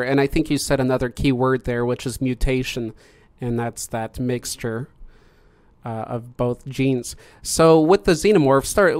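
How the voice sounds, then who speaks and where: A man hosting a casual live-streamed panel discussion, explaining in a measured way and pausing mid-thought. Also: medium pitch, a little mellow, smooth, no echo. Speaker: host.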